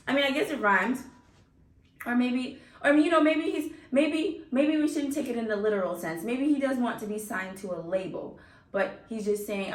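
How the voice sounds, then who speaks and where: A woman's voice: a little high, expressive, moderate pace. A woman hosting a music reaction video, chatting casually and laughing often as she talks straight to her viewers. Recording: roomy sound from a distance off the mic.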